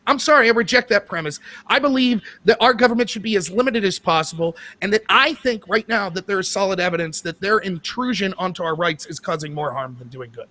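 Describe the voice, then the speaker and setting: A man's voice: high-pitched, fairly quick, hardly any pauses, bright, forceful tone, dry recording. A man giving political commentary as a guest, arguing his case with rhetorical questions. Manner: argumentative, asks rhetorical questions.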